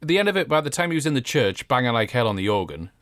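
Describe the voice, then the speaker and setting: A man's voice: medium pitch, big pitch swings, rapid-fire, fairly bright tone, no room sound, studio quality. A British man co-hosting a podcast, retelling an episode in jokey, chatty storytelling. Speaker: podcast co-host. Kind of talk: casual chat review.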